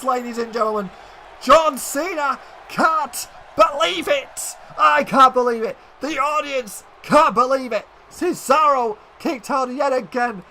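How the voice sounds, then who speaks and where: A man giving excited play-by-play commentary on a wrestling video game, often shouting and addressing the audience as ladies and gentlemen. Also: very high voice, slight background noise.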